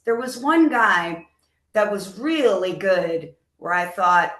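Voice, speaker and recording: A woman's voice: mid-range voice, slow pace, echoey room. A middle-aged woman, a band musician, telling a story in an interview and acting out the dialogue she recalls. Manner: animated storyteller who acts out quoted dialogue.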